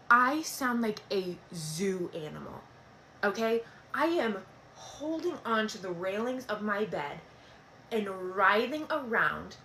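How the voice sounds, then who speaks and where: A young woman telling a dramatic personal story in a casual storytime, animated and swearing freely. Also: mid-range voice, a little hiss or hum.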